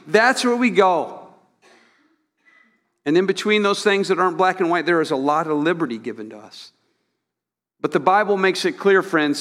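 A man's voice: fairly high pitch, fairly bright tone. Male pastor preaching in a reverberant hall. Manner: conversational preaching with repeated words and rhetorical questions. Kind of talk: sermon.

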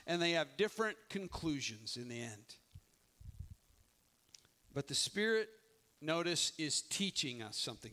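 A middle-aged male pastor preaching in a high, forceful voice. He speaks emphatically but conversationally and often starts his sentences over. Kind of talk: sermon.

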